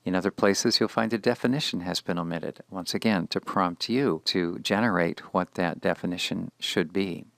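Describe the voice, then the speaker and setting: A man teaching a Hebrew lesson in scripted narration, measured and deliberate, repeating each word for the learner. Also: low-pitched, creaky, fairly bright tone, dry recording.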